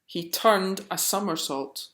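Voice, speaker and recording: A woman reading a picture book aloud, slowly and expressively. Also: mid-range voice. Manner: slow and expressive. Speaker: storyteller. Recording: roomy echo.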